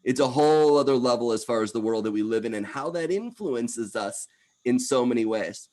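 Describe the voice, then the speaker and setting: A man in his fifties giving a lively presentation talk. His voice sits in a middle pitch, and he speaks with energy, rushing through some phrases and slowing for others. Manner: energetic, animated, quick bursts. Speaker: wellness speaker.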